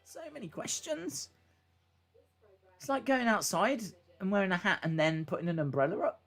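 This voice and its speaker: A man hosting a live stream, giving casual reaction commentary and jumping into excited, high-pitched exclamations and rhetorical questions. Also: fast, soft background music.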